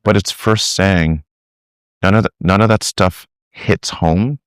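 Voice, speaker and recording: A middle-aged man with a low voice tells stories animatedly on a podcast. He acts out little quotes and restarts his sentences often. The sound is dry and close. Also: takes it slowly, clear, resonant tone, no echo. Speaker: discipleship teacher, guest. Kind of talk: conversational podcast interview.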